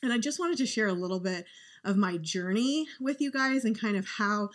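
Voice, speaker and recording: Woman podcast guest, mid-pitched, earnest heartfelt storyteller. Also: expressive, normal speed. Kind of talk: conversational storytelling.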